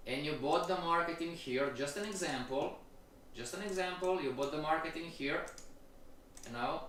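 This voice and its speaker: A man gives a live-stream trading lecture, repeating points slowly and checking in with his listeners. His slightly high voice sounds distant in a very echoey room. Faint noise sits behind him. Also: fairly bright tone. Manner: keeps checking in with the audience; slow, repetitive delivery. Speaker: trading instructor.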